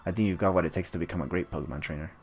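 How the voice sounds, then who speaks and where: A friendly older professor, read aloud by a man offers warm encouragement in a low, easy voice. The delivery stays plain and conversational, like a gamer reading dialogue boxes. Faint game music plays underneath. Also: racing, lightly acted. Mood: kindly.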